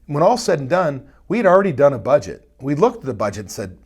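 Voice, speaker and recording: A man's voice: a little high, very animated, fast, husky. A middle-aged man hosting a live stream as a restaurant consultant, giving a blunt, emphatic, repetitive motivational business talk. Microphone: webcam or desk mic for a live stream.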